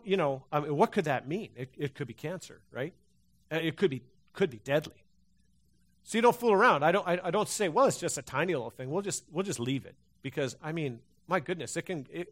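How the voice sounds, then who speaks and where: A pastor preaches to a congregation in a church hall, speaking conversationally with many restarts and fillers. His voice is a little high, expressive and brisk.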